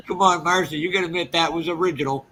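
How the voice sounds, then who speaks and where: A man's voice: a little high, pushed and bright, a little hiss or hum, low-quality recording. A man teasing and joking in a casual group call during a livestream. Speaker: livestream participant.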